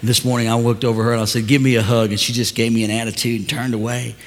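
Older male pastor, storytelling sermon, quiet asides building to loud preaching, long church reverb, faint room noise. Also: mid-range voice, little pitch movement, fast talker. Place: large church hall.

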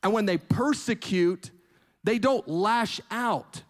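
Man, preacher, sermon, high voice, earnest, repetitive emphatic phrasing. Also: slow.

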